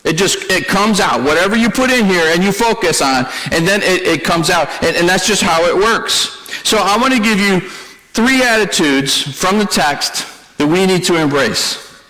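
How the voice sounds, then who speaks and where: Pastor guy preaching, kinda high voice, chatty, repeats himself, long echoey church reverb. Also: expressive, moderate pace, sharp tone. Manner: conversational preaching with repetitions and self-deprecating humor. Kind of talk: sermon.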